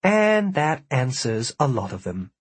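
A man's voice: mid-range voice, very animated, unhurried, slightly rough, no room sound. A man voicing a stern young woman who speaks in short, commanding lines. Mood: curt. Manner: curt and commanding.

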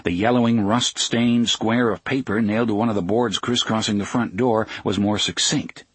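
A man narrating an audiobook in a measured storytelling manner, often slowing down for suspense. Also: fairly low pitch, fairly even intonation, breathy edge, dry recording. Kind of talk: scripted narration.

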